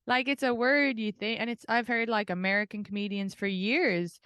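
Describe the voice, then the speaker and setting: A young Irish woman hosting a casual podcast chat over a video call, talking fast and laughing often as she tells stories. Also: on the high side, fairly even intonation, a bit bright, clean tone, no echo. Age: young adult. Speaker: podcast host, comedian.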